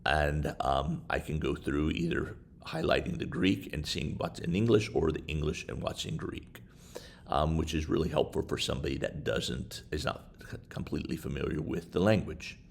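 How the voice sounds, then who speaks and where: A man giving a casual screen-share tutorial on study software, talking in a halting way with many fillers. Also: very deep voice, vocal fry, slight background noise. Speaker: instructor. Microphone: desktop microphone while screen recording.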